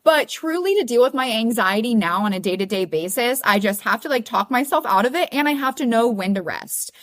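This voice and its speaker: High-voiced earnest young woman. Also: expressive, a little fast. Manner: earnest, emphatic self-encouraging. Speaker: podcast guest. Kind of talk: candid casual interview talk.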